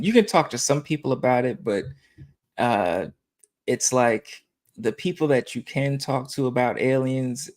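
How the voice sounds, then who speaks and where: Gravelly man musing with lively pitch. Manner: rambling, many fillers and restarts, drawn-out musing. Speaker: podcast co-host. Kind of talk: casual chat.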